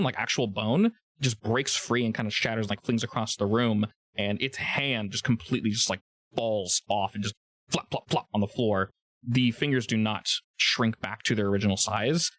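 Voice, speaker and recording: Low-voiced male game master. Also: a bit bright, dry recording. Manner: casual, explains rules with many fillers. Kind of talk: narrating a tabletop game.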